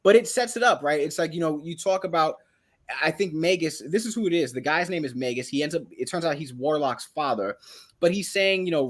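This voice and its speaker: A young man chatting casually about comic books on a podcast, animated and acting out characters' lines as he tells the story. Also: a little high, fairly quick. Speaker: podcast co-host. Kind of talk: casual comic book chat.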